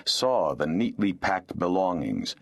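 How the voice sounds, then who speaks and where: A man narrating an unabridged fantasy audiobook with expressive storytelling. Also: sits low, slow, gravelly.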